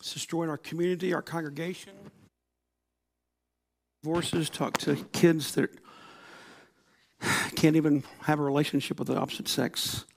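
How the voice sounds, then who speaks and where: A man's voice: fairly high pitch, flat delivery, normal speed, creaky, long pauses. A middle-aged man preaching a sermon to his congregation in a church, telling stories and acting out quotes. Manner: storytelling with laughs and acted-out quotes. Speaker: pastor.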